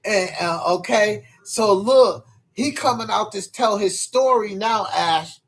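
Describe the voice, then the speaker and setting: A man's voice: high-pitched, slow, a bit bright. A man from New York chatting casually on a livestream. He rambles and swears, with lots of hesitations, and often calls out to his viewers. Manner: rambling and profane, full of hesitations.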